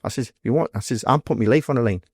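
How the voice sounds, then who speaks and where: A former doorman from North East England with a Geordie accent tells stories in a casual interview, blunt and sweary, acting out what people said to him. His mid-range voice is very fast, darkish and a bit breathy, recorded in a clean studio with no echo.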